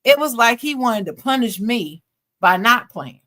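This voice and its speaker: A woman podcast co-host reading a listener's letter aloud in an expressive way, breaking off now and then for casual slangy asides. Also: fairly high pitch, measured pace.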